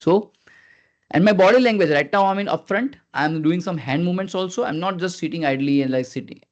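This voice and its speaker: A man in a fairly high register, running a live online skills class. He is earnest and coaxing, prompts his listeners again and again, and lets his pitch rise and fall on purpose. The sound comes through muffled and lo-fi, as over a video call. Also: a little fast. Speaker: communication skills trainer. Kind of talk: live online training session. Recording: dull lo-fi video call audio.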